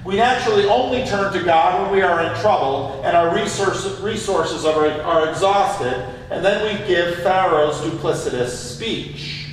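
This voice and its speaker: A male pastor's raised voice carries through a big church sanctuary, picked up by a distant microphone. He preaches and poses question after question to the congregation. The long, booming reverb and faint room hiss make him sound far off. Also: a little slow, few pauses. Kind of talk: sermon. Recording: echoey church hall from far off.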